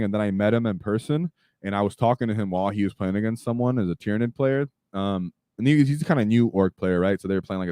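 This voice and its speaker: A man hosting a casual livestream chat, talking in an animated way with lots of fillers and sudden shouts. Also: fairly low pitch, clean tone, no echo, clean studio sound. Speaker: streamer host.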